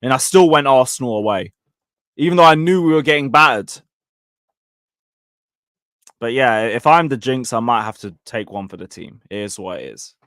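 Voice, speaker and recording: Sweary football fan, dry mic. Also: male voice, medium pitch, normal speed, pauses often, fairly bright tone, smooth, dry recording. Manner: blunt, sweary, rambling, reading chat comments. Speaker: football fan channel host. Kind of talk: casual live match review.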